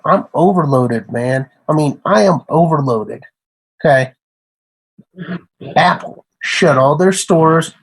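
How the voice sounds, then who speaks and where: A computer repair tech delivers an emphatic, rambling, casual rant that keeps repeating itself. His voice is a little high and husky, and the recording quality is low.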